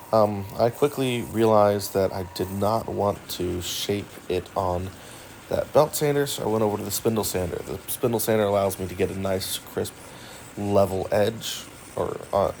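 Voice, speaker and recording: A man narrating a woodworking build in a relaxed, rambling voice-over, joking and poking fun at himself. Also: low voice, creaky, a little hiss or hum. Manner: joking and self-deprecating; relaxed and rambling with filler words. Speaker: woodworking channel host.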